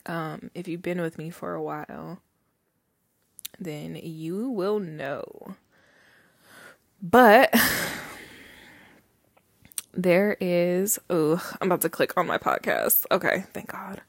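A woman's voice: fairly low pitch, slow, gravelly, long pauses, no room sound. A young woman hosting her own podcast from home, chatting loosely with lots of fillers, laughs and the odd swear. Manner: rambling, many fillers, swears, laughs often. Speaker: podcast host. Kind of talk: casual solo podcast chat. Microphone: handheld microphone.

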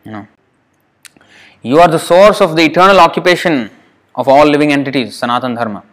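This scripture teacher's voice sits a little high and sounds slightly bright, moving at a fairly quick pace. He reads a passage and then comments on it sermon-style, full of emphatic rhetorical questions, chuckles, restarts and plenty of "you know."

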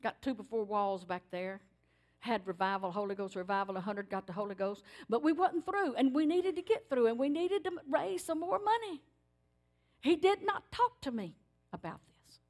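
High-voiced woman preaching. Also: moderate pace. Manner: animated storyteller, emphatic. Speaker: church speaker. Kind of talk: sermon testimony. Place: church.

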